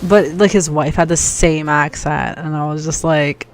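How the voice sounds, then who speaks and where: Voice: medium pitch, fairly even intonation, normal speed, faint music behind. Chatty streamer telling stories. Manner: chatty storyteller, heavy use of "like". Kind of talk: casual chat while gaming.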